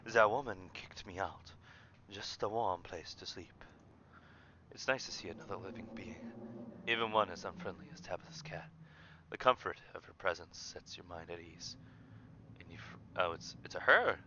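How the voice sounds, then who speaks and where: A young man streaming a story game, reading its text aloud and breaking into excited outbursts. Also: low-pitched, moderate pace. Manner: excitable, jumps between flat reading and loud outbursts. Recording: dull lo-fi mic with faint noise.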